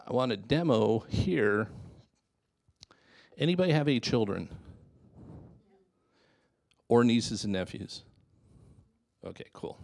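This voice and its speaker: A man's voice: on the low side, darkish tone. A man presenting at a live seminar, casual and checking in with the audience.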